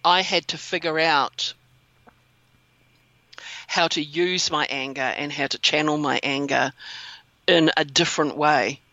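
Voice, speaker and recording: A woman's voice: low-pitched, fairly even intonation, a little slow, long pauses, sharp tone, no echo. Woman host, casual conversation, reflective and supportive; dry, dull-sounding recording. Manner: supportive listener with frequent short affirmations, reflective when speaking at length.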